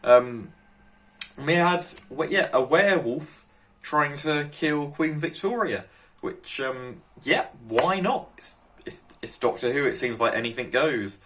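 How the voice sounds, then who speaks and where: A man's voice: on the high side, lively intonation, a little slow, sharp tone, a little hiss or hum. A man hosting a reaction video, chatting casually and rambling with fillers and restarts as he watches a TV episode.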